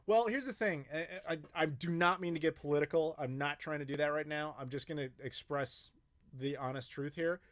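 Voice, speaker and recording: A man's voice: fairly high pitch, fairly quick, fairly bright tone. Rambling, profane American man. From United States. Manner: rambling, profane, with frequent fillers and restarts. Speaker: YouTube host answering live chat questions. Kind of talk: casual live-stream Q&A.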